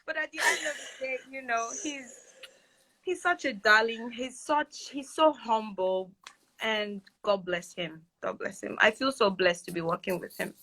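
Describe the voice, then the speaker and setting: A woman singer being interviewed, telling stories in a casual, animated way with bursts of high laughter. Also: a little slow.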